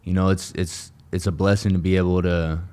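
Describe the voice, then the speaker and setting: Here the same very low-voiced man chats casually as an interview guest, his tone clear and resonant and his pace a touch quick. Earnest and meandering, he recounts his recovery with plenty of fillers, false starts, and doubling back.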